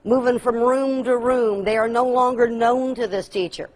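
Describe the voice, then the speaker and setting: A middle-aged woman giving a training workshop, lively and humorous, acting out kids' voices and dropping folksy asides. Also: a little high, normal speed. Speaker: workshop presenter. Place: workshop room.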